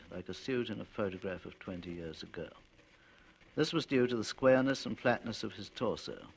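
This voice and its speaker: Man, storytelling narration, wry and measured, low husky voice, animated pitch. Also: a little hiss or hum, low-quality recording. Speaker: author reading his stories. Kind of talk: storytelling reading.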